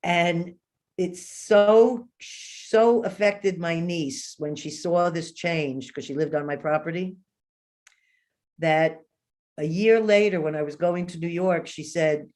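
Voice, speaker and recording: A woman in her fifties, a guest in an interview, telling a long personal story in an animated way and acting out the voices she quotes. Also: fairly low pitch, slow pace.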